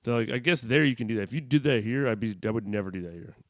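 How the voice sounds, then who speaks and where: A man's voice: mid-range voice, rapid-fire, no echo. A man chatting casually on a podcast, swearing freely and laughing through his story. His voice sits in a middle register. The sound is dry and close, with no room around it. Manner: loose, profane storytelling with laughs. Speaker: podcast co-host. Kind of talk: casual chat.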